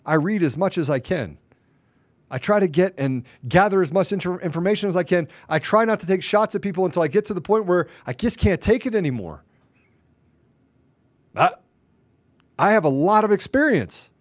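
A man's voice: high voice, no room sound. A man hosting a political talk show, delivering fervent, ranting commentary full of rhetorical questions.

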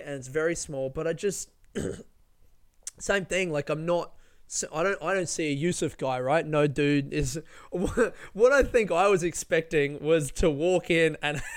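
Aussie dude vlogging, kinda high voice, smooth, swears a lot and rambles. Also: male voice, fairly bright tone. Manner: rambling, sweary, self-mocking. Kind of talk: casual storytelling monologue.

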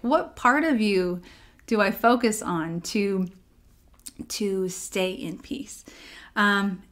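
Woman, devotional talk, conversational, acts out inner dialogue, soft near-whisper at tender moments. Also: medium pitch. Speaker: devotional speaker.

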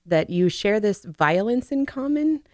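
A woman's voice: mid-range voice, animated, measured pace, dry recording, studio quality. A woman co-hosting a casual book podcast, talking thoughtfully and laughing often.

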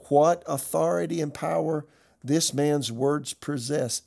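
A man's voice: on the high side, creaky, a little mellow. A male pastor delivering a sermon with emphasis, reading scripture passages aloud.

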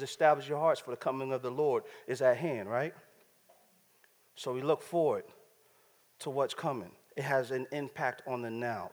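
A middle-aged man preaching a sermon in a casual, slang-filled way, often checking in with his listeners. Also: on the high side. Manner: conversational slang-laced preaching, repeated check-ins with listeners. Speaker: pastor. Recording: hall reverb.

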